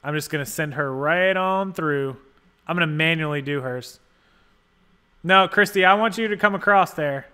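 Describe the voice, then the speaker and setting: A man's voice: fairly high pitch, moderate pace, sharp tone, clean tone. A man hosting a casual livestream, rambling and thinking aloud as he adjusts settings and thanks viewers for donations. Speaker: livestream host. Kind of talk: casual live-stream chat.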